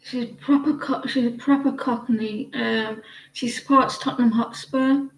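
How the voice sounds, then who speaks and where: British woman, tarot reader, unhurried rambling chat, hesitant fillers, slightly high voice. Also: fairly even intonation, echoey room, poor audio. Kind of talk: casual live-stream chat.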